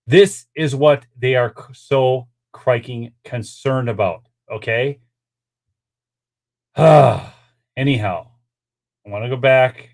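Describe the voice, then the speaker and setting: A man's voice: medium pitch, slow, vocal fry, pauses often, darkish tone. A man hosting a political commentary show, talking straight to his viewers in a worked-up, exasperated way between clips. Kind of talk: ranting commentary over clips.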